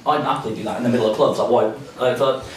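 A man's voice: mid-range voice, steady tone, racing. A man in his late twenties, a podcast co-host telling rambling, crude stories with lots of laughter and swearing. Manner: rambling, laughing storyteller who swears freely. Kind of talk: casual chat among friends. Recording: roomy, distant mic, noisy background.

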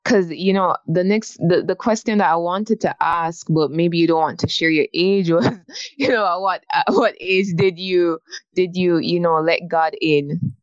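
A woman interviews a guest about faith, gentle and hesitant as she restarts her questions. Her voice sits somewhat low. The recording is dry and dull, with a lo-fi edge. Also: moderate pace, no room sound.

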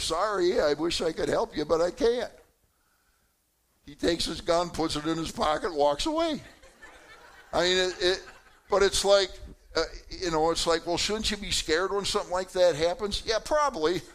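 A man's voice: mid-range voice, fairly bright tone. A man preaching an evening church sermon, talking to his congregation by name and laughing at his own story. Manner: conversational, talks to congregation members by name. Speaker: pastor. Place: church service.

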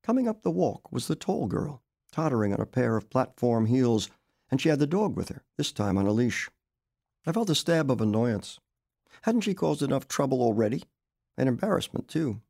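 A man narrating his own literary story aloud, expressive and wry. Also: mid-range voice, moderate pace, creaky, no echo, clean studio sound. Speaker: author reading his story.

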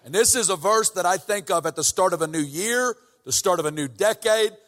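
The sanctuary's reverb surrounds a guest preacher whose high-pitched, slightly bright voice moves briskly. He begins his sermon casually, then builds toward fervent emphasis.

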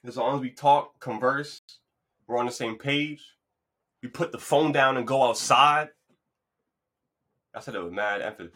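A man's voice: medium pitch, normal speed, long pauses, sharp tone. A man hosting his own podcast, talking in a loose, rambling, motivational way. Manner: playful, hypes up an imagined crowd. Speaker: podcast host. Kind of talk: casual solo monologue.

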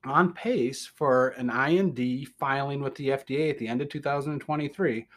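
A man's voice: mid-range voice, normal speed. A man hosting a podcast, talking in a rambling, folksy way with a Southern US accent and frequent chuckles. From American Midwest. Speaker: podcast host. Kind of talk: casual podcast chat.

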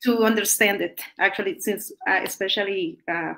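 A woman's voice: mid-range voice, fairly even intonation, moderate pace, a bit bright. A woman from Mexico hosting a podcast, talking in a conversational, thoughtful way with some fillers. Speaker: podcast host.

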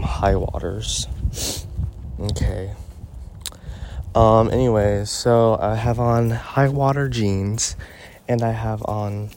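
A teenage boy rants casually into his phone as he walks his dog down a road outdoors. His voice sits on the low side and he takes his time. His talk is loose and full of fillers. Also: darkish tone, slight background noise. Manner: ranting, filler-heavy with frequent "like" and "um". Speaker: podcast host. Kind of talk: casual rambling monologue.

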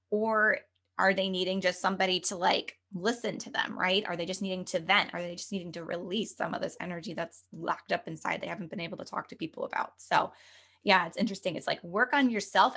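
A woman's voice: medium pitch, fairly bright tone. A woman speaking as a guest medium and spiritual coach on a podcast, talking earnestly and chattily, full of "like" and "you know". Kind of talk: conversational podcast interview.

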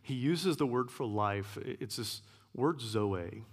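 A man giving a sermon as a guest preacher, earnest, repeating key phrases and sometimes dropping to a hush. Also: mid-range voice, expressive, takes it slowly, slightly rough. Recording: long hall reverb.

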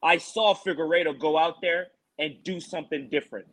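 A man co-hosting a fight preview show, ranting in an animated, mocking and exasperated way. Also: a little high, brisk, rough recording. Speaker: MMA show co-host.

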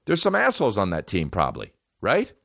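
Low-voiced man on a profane comic rant. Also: wildly swooping pitch, fairly quick, gravelly, a bit bright, no echo, studio quality. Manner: profane, ranting riffs. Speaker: comedian podcast host. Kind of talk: comedic podcast monologue.

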